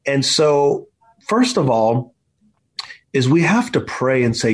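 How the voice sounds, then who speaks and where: A husky, slightly breathy man in his forties speaks as an interview guest. He tells his stories with a preacher's emphasis and leans on the word "man" again and again. His voice sits at an ordinary middle pitch. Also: sing-song, takes it slowly, long pauses. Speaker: author and guest. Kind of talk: impassioned storytelling in an interview.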